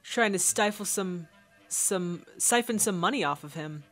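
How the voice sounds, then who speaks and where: A woman's voice: fairly low pitch, measured pace, a bit bright, faint music behind. A woman hosting a casual movie reaction, chatting and thinking aloud as the film plays.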